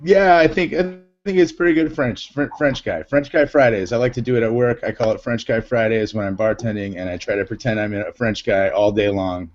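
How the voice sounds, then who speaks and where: A man hosting a casual group chat on a video call, jokey and quick to laugh. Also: on the low side, fairly even intonation. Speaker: show host. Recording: dull lo-fi call audio, faint noise.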